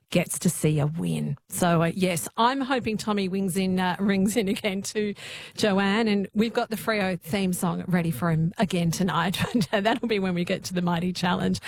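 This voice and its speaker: Chatty woman radio host. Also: medium pitch. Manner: chatty, friendly presenting. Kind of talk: casual radio talk. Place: radio studio.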